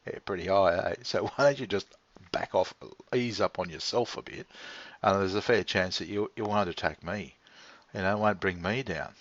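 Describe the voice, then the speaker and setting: A man's voice: sits low, normal speed, fairly bright tone, no room sound. A man with an Australian accent talking in a rambling, casual way, laughing often and swearing freely. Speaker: vlog host. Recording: dull lo-fi recording.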